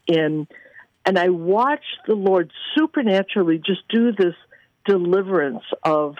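A woman minister, a guest, telling faith testimonies in an animated way and acting out the people she quotes. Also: on the low side, measured pace, no echo, highs cut off. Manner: animated, acts out quoted voices. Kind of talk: testimony storytelling.

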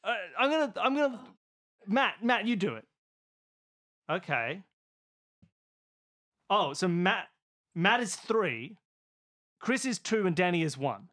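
A man playing a tabletop game guesses aloud at charades clues. His pitch swings widely, and he flips between muttering and loud, exasperated commands. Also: very animated, takes it slowly, long pauses. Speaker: player.

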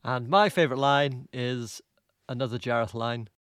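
A man's voice: mid-range voice, moderate pace, fairly bright tone, dry recording, studio quality. A man hosting a casual film podcast, asking wry teasing questions. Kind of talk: casual chat.

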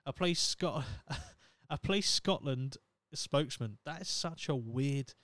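In an animated, unhurried voice of medium pitch and slightly bright tone, a young podcast host goes through news stories. His casual comedic commentary is laced with sarcastic, profane jokes, and the recording is dry.

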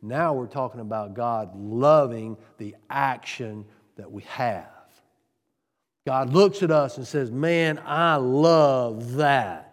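A man preaching a sermon on giving, earnest, piling up rhetorical questions and swinging from loud to soft. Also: medium pitch, lively intonation, takes it slowly, long reverb tail. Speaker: pastor.

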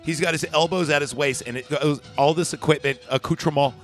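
A man's voice: a little high, fairly even intonation, brisk, fairly bright tone, faint music behind. A man casually recapping a film on a podcast, rambling and swearing as he acts out its lines. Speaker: podcast co-host. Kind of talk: casual movie recap chat.

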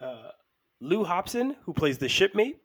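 A man co-hosting a casual movie review chat, animated and quick to act out scenes and laugh. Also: sits high, breathy edge. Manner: animated, acts out scenes in voices, laughs often. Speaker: podcast co-host.

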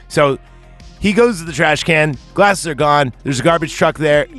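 A man with a rather high, slightly bright voice recaps a movie at a moderate pace, chatting casually as a podcast co-host. He rambles through the plot with plenty of swearing and fillers while faint music plays behind.

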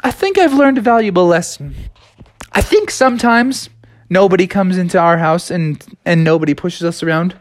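A man voicing a short-tempered male frog in a made-up bedtime-style story, talking gruff and tough. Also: high-pitched, animated, normal speed, no echo. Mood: earnest. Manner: gruff tough-guy talk that softens into apology. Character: hot-tempered male frog, quick to anger.

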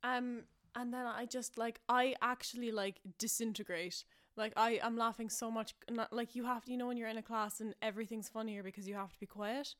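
A woman's voice: fairly high pitch, steady tone, brisk, hardly any pauses, fairly bright tone. A young Irish woman hosting a podcast, telling stories in a chatty, self-mocking way, with lots of fillers and frequent laughs. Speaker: podcast host. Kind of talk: casual storytelling podcast.

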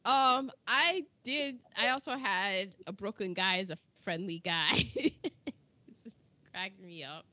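A woman chatting casually about an old film, animated and quick to laugh, often trailing off mid-sentence. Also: medium pitch, no room sound, muffled recording.

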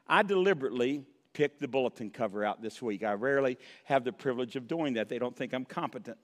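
A man's voice: mid-range voice, animated, quick pace. A middle-aged male pastor preaching a sermon in a church, building to impassioned cries with wry humorous asides. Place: church sanctuary. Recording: long hall reverb.

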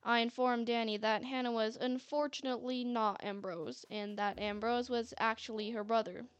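A woman's voice: on the high side, steady tone, moderate pace, clean tone. A woman narrating a story in a chatty manner, with sarcastic asides. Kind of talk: scripted narration. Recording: faint music bed.

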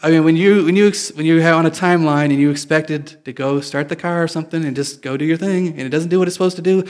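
A man's voice: a little high, a little fast, a little mellow. A man preaching a sermon in a casual, confessional way, joking with his listeners. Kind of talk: conversational sermon.

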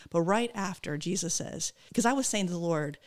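A woman in her forties, a missionary guest, telling her story in animated casual testimony full of "like"s. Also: on the low side, a little fast. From North Carolina, USA. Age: 40s.

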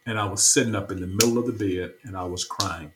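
Low-pitched man, earnest, repetitive storytelling, church leader being interviewed. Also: quick pace, noisy background. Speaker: stake president, interview guest. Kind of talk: personal testimony in an interview.

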